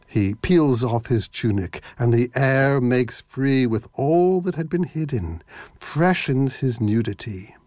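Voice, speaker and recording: A man narrating a myth in a slow, deliberate reading that lingers on the words. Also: medium pitch, animated, darkish tone, no room sound.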